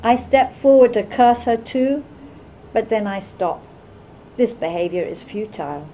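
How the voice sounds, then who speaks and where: A woman author giving a measured, expressive reading of her own novel. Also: a little high, slight background noise, rough recording. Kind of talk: literary reading aloud.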